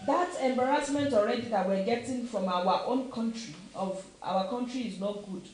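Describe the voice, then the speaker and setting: A woman's voice: on the high side, normal speed, a little mellow. A middle-aged Nigerian woman with a Nigerian accent, giving an impassioned opinion talk with emphatic repeated questions. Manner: emphatic, repeats questions, slips into Yoruba phrases. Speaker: commentator. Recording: very echoey room, faint noise.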